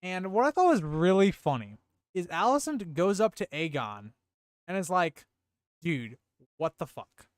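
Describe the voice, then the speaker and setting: A young man casually reviewing a TV episode on a live stream, animated and exclamatory, peppering his talk with "like" and "dude". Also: high voice, normal speed, clean tone, no room sound, studio quality.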